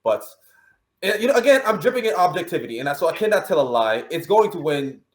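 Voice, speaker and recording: A man hosting a casual panel chat about music awards, playful and animated, often restarting his sentences. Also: a little high, fast talker. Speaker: show host. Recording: roomy echo.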